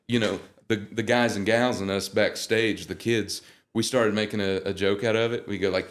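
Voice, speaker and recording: A young man, a guest singer, telling animated, joking stories in a casual interview. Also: lowish voice, normal speed.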